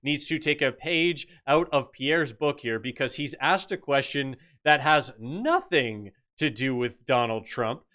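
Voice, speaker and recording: A man's voice: mid-range voice, unhurried, few pauses, bright, forceful tone. A man giving blunt, opinionated reaction commentary on political news clips.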